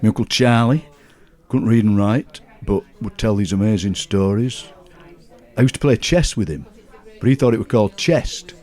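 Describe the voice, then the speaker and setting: A man with a Barnsley Yorkshire accent, a writer and broadcaster telling lively family stories in a casual interview. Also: on the low side, moderate pace. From Yorkshire, England. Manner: lively storyteller, laughing and putting on relatives' voices.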